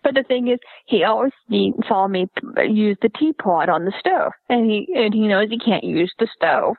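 A woman chatting on a podcast, telling stories in an animated way and acting out the voices. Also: medium pitch, normal speed, vocal fry, dry recording. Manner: animated storyteller, acts out dialogue. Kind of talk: casual chat. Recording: tinny phone-like line.

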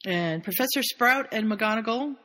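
A woman co-hosting a podcast, casually retelling a story in an animated way and laughing often. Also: on the high side, normal speed, long reverb tail. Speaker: podcast co-host.

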